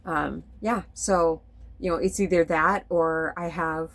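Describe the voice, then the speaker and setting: Woman vlogger, rambling spiritual chat, candid, swears a little, voice on the low side. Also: fairly even intonation, slow pace, low-quality recording. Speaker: spiritual vlogger drawing cards. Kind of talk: casual spoken vlog monologue. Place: sitting indoors at home.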